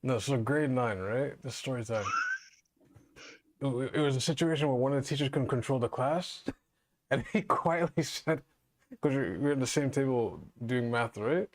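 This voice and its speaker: A man's voice: mid-range voice, normal speed. A man co-hosting a podcast in casual chat, telling stories and laughing as he goes. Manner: laughs while telling stories, lively intonation. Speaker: podcast co-host.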